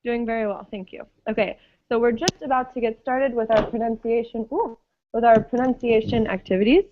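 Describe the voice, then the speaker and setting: A woman's voice: fairly high pitch, phone-quality sound, background noise. A woman teaching an online English pronunciation class, patiently checking that students follow. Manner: slow, patient, checks understanding often.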